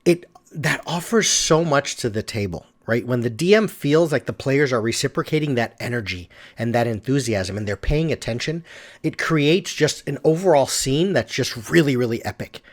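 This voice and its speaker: A man's voice: mid-range voice, lively intonation, moderate pace. Emphatic middle-aged man giving advice. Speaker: commentator. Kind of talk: casual video commentary.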